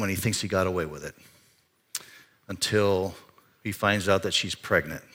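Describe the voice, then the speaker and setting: Inside a church sanctuary, a man preaches a sermon in a conversational style. For emphasis his voice gets higher and louder, and for serious points it falls quiet.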